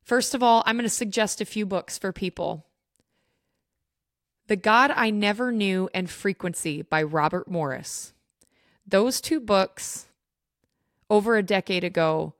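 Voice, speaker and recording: A woman's voice: mid-range voice, no room sound. Woman podcast host, faith teaching, earnest and direct, dry booth-like sound. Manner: earnest, emphatic, addresses listeners directly.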